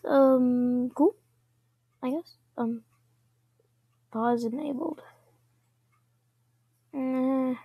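A woman giving casual commentary over her own gameplay, chatting to herself and often dropping into quiet whispers. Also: high voice, gravelly, breathy edge, dry recording.

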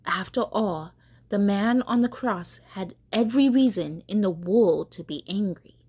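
A woman catechist reading a children's storybook aloud in a gentle, unhurried way. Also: medium pitch, lively intonation, breathy edge.

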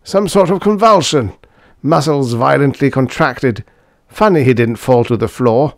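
A man's voice: mid-range voice, lively intonation, a little slow, dry recording, studio quality, voice pushed up. Man doing a clipped, clinical doctor. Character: matter-of-fact male doctor, clinical.

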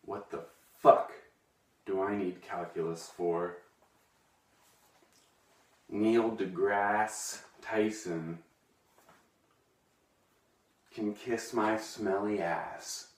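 Brief: male actor as a deadpan, awkward poet-host who talks slowly and sounds distant from the mic. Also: lowish voice. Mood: bitter recitation. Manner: hesitant, full of ums and restarts. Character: awkward, touchy man reading a bitter poem. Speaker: comedy sketch character, hosts a web video. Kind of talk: deadpan comedic poem reading and rambling monologue. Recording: echoey room, voice from a distance.

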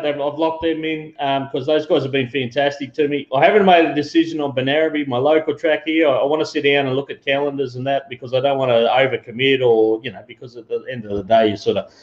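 A man's voice: fairly high pitch, a little mellow. An Australian man hosting a live show, chatting in a laid-back, matey, rambling way. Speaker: show host. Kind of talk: casual live-stream chat. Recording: roomy lo-fi sound.

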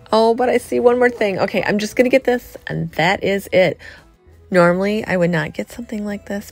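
A middle-aged woman chatting excitedly to viewers as she shops a thrift store, filming on a handheld phone. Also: low voice, vocal fry. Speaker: vlogger. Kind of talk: casual thrift-store vlog chat.

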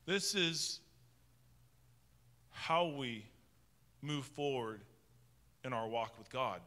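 A man's voice: medium pitch, animated, extremely slow, sharp tone, in a large hall. A man preaching a sermon as pastor in a conversational style, often restarting his sentences. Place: church sanctuary with long reverb.

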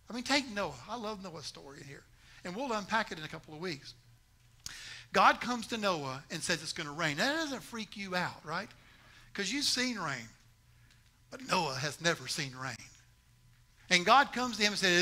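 A male pastor preaching a sermon, animated and conversational, acting out quoted voices and making jokey asides to the congregation. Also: high voice, normal speed.

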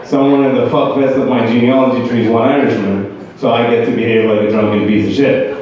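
A man's voice: medium pitch, steady tone, quick pace, background noise. A man doing a stand-up set, wry, rambling and self-mocking, from a country that was once a British colony. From former British colony. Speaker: stand-up comedian. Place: comedy club stage. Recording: dull, far-off echoey club recording.

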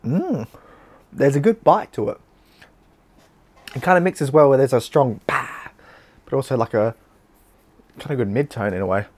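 A man's voice: medium pitch, expressive, normal speed, pauses often, a little mellow. Blunt Australian man tasting beer. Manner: blunt, chatty, mixes in swearing and slang. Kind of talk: casual beer review vlog.

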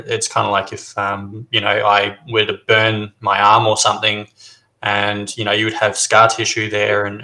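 A man's voice: fairly low pitch, gravelly, sharp tone, poor audio. A man answering questions on a video call chat, hesitant and reassuring, with lots of filler words. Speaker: guest expert.

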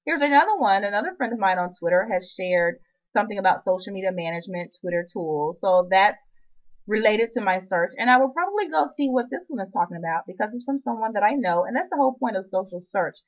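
A woman's voice: medium pitch, animated, fast, narrow, tinny audio. A woman presenting a screen-recorded web marketing tutorial, chatty and upbeat with playful asides.

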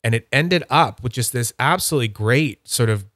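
A man hosting a casual livestream, rambling enthusiastically about his collection and slipping into high silly voices when he quotes people. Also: lively intonation, moderate pace, fairly bright tone, no room sound. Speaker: livestream host.

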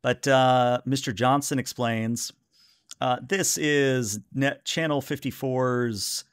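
A man narrating a tabletop role-playing game as game master, relaxed and filling pauses with "uh". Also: medium pitch, clear, resonant tone, dry recording, studio quality. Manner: relaxed narration with many "uh" fillers.

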